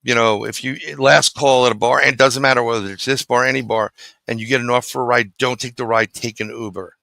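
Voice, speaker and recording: A middle-aged New man tells a story as an interview guest, acting out each exchange. His voice is gravelly and bright. The sound is dry and close. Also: mid-range voice, fast, no room sound, poor audio. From New York City. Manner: animated storyteller acting out dialogue.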